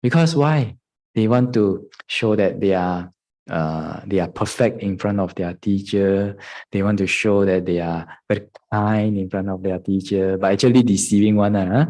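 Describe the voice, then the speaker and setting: A man's voice: fairly low pitch, warm tone, low-quality recording. A man, a Buddhist monk, giving a meditation dharma talk, often chuckling, acting out his students' lines and checking in with "huh?". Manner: chuckles often, acts out students in quoted voices.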